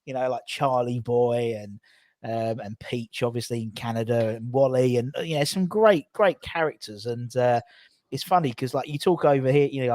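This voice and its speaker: An English man hosting a casual chat, easygoing and agreeable, with quick asides. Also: mid-range voice, darkish tone, no echo, clean studio sound. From England. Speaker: podcast host.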